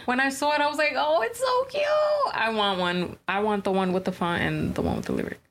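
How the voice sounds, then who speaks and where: A woman's voice: mid-range voice, very animated, fast talker, a bit bright. A woman co-hosting a casual chat, teasing and full of filler words. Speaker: co-host.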